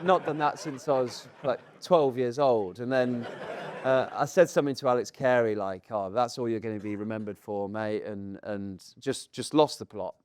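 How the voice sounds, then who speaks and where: A man in his thirties, a podcast co-host, telling a lively anecdote to a live audience, acting out quotes and often laughing. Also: medium pitch. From England. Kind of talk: animated storytelling to a live audience. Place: stage in front of a live audience.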